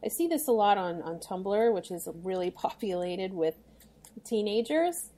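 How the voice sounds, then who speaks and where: A woman's voice: medium pitch, lively intonation, a little slow, mellow. A woman talking frankly and wryly on a casual book podcast, often laughing between words. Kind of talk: casual book-club chat.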